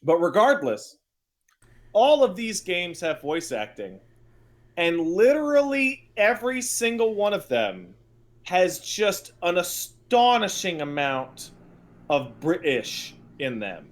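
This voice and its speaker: A man's voice: sits high, very animated, slow pace. A man co-hosting a podcast in casual chat, riffing with profane exasperation. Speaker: podcast co-host.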